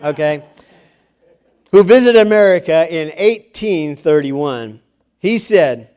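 A man delivering a sermon at an unhurried, drawn-out pace. His voice sits a little higher than most men's, and he builds from quiet, earnest teaching into raised, forceful exhortation. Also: lively intonation, smooth. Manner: earnest preaching, swelling louder and higher when exhorting; self-deprecating asides. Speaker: preacher.

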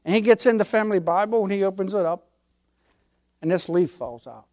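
A man's voice: high voice, expressive, fairly quick, a little mellow. An older man, a pastor, preaching a sermon with emphatic, folksy delivery and homespun stories.

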